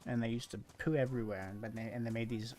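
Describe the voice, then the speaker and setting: A man's voice: mid-range voice, steady tone, fast, a little mellow, a little hiss or hum. A man with an Australian accent, chatting casually and rambling while he streams a game. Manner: rambling, chatty, easily amused; uses Aussie slang. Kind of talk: casual chat while gaming.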